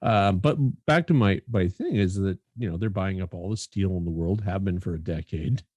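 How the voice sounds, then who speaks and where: Low, husky man joking on a podcast. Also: moderate pace, a little mellow, no room sound. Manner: joking, rambling, swearing casually. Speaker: podcast co-host. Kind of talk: casual chat.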